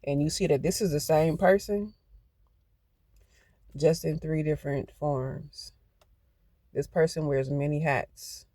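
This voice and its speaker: A man's voice: a little high, steady tone, slow, long pauses, dark tone, dry recording. A man giving a channeled tarot card reading, emphatic and prone to getting hyped, then talking himself back down. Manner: emphatic, gets hyped, talks to self.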